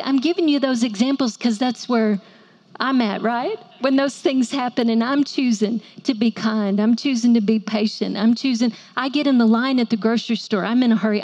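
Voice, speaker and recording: A woman's voice: fairly high pitch, a little mellow. A woman, preaching to women with playful asides and call-and-response. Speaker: women's ministry speaker. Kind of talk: sermon to a women's audience.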